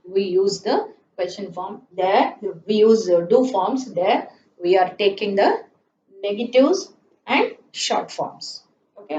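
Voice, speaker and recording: A woman teaching grammar from a chalkboard, slowly repeating her examples and checking in with "isn't it?". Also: mid-range voice, a little mellow, far from the mic, a little hiss or hum. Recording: echoey room, voice off-mic, slightly dull.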